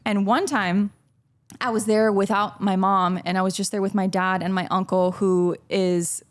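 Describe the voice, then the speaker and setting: A woman's voice: mid-range voice, moderate pace. A woman from Miami, a podcast guest, telling childhood stories in casual chat, acting out quotes and laughing often. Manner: animated storyteller, acts out quotes, laughs often.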